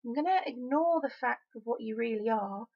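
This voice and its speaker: A woman's voice: a little high, lively intonation, normal speed, husky, dull audio. A young woman from Wales talking frankly and emphatically in a casual opinion vlog, often exasperated. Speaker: vlogger.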